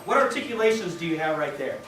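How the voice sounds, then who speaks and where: A man directing a high school band rehearsal, scatting rhythms on nonsense syllables and counting the players in. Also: very animated, fast, fairly bright tone, far from the mic, slight background noise. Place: large band rehearsal room. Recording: echoey rehearsal room from afar with band music. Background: band playing.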